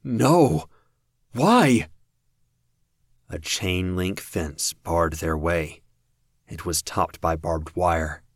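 A man narrating a fan audiobook in a steady, measured reading. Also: low voice, no echo, clean studio sound.

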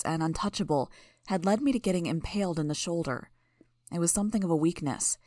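A woman narrating a novel in the first person, in a steady, even storytelling manner. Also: lowish voice, no room sound, clean studio sound. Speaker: audiobook narrator.

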